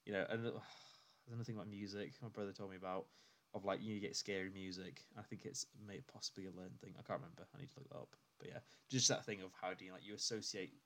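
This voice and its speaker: A man co-hosting a podcast, rambling through animated stories in casual chat with many fillers. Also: sits low, fast talker. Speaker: podcast co-host.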